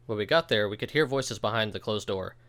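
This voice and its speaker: The speaker is a young man hosting a let's play, his voice fairly low and fairly bright, moving at a brisk clip. He casually reads through the game's narrative text and throws in joking asides.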